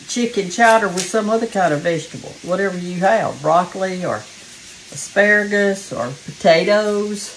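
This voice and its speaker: A woman's voice: mid-range voice, slight background noise, low-quality recording. Southern woman, cooking show host, folksy and chatty, slightly winded, faint sizzle in the kitchen behind her. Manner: folksy and chatty, talks straight to viewers as "y'all". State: a little out of breath. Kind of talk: casual cooking demonstration. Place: home kitchen. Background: faint frying sizzle.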